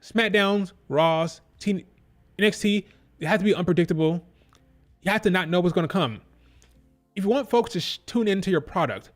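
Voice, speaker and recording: A man's voice: high-pitched, normal speed, pauses often, soft background music. A man hosting a wrestling review stream, ranting in a blunt, exasperated way and swearing casually.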